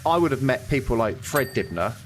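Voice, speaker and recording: A man in casual conversation while playing a game, chatty and quick to apologize. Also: medium pitch, very animated, a little hiss or hum. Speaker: co-host. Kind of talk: casual chat while gaming.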